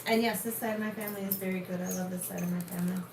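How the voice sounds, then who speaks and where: A woman's voice: fairly low pitch, fairly even intonation, rapid-fire. A woman, a truck driver live-streaming casual chat with family, teasing and chatty toward her viewers. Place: family home in Arizona. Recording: roomy, distant, noisy live stream.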